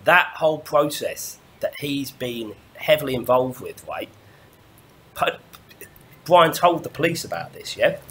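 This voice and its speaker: A man's voice: mid-range voice, very animated, unhurried, a bit bright, slight background noise. Rambling man ranting. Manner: rambling, stumbling restarts, swears often. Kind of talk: ranting monologue.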